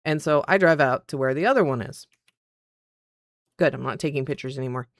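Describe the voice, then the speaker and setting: Animated woman streamer, dry close sound. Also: extremely low pitch, fairly quick, no room sound. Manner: animated, acts out quoted dialogue. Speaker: streamer and content creator. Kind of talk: casual storytelling chat on stream.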